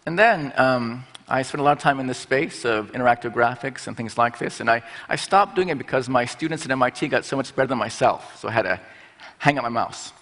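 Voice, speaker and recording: A man's voice: mid-range voice, expressive, brisk, a bit bright. A middle-aged man giving a conference talk from a stage, playful, slipping into little put-on voices as he explains. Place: conference stage in a large hall. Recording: large hall with long reverb.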